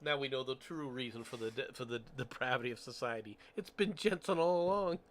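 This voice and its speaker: A man's voice: mid-range voice, a little fast. A man hosting a casual stream who laughs often and jokes with his co-host. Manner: laughs often, animated and joking.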